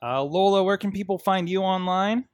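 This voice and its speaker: A man's voice: high-pitched, normal speed, dry recording, clean studio sound. A man co-hosting a casual wrestling podcast, rambling with lots of fillers and restarts. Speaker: podcast co-host.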